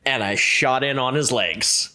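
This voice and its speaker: A man chatting as a podcast guest, telling a story in a lively way and slipping into the voices of the people in it. His voice sits at an ordinary middle pitch. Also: measured pace. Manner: lively, acts out the other people in his stories. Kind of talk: casual storytelling.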